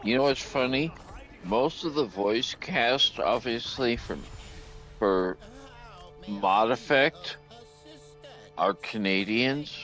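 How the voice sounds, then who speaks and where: A man's voice: mid-range voice, expressive, slow pace, long pauses, a bit bright, soft background music. A man chatting casually on a gaming stream, giving long rambling explanations with frequent restarts. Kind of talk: casual chat.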